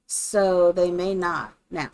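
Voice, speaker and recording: A woman's voice: fairly low pitch, steady tone, takes it slowly, a little mellow, clean tone. A woman live-streaming, chatting casually and thinking aloud while she builds in a game, greeting her viewers by name.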